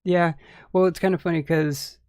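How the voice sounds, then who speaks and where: A man's voice: fairly high pitch, steady tone, normal speed, darkish tone, smooth, no echo, clean studio sound. A man hosting a casual gaming podcast, easygoing and rambling, with lots of restarts and fillers. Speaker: podcast host. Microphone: headphones and desk mic.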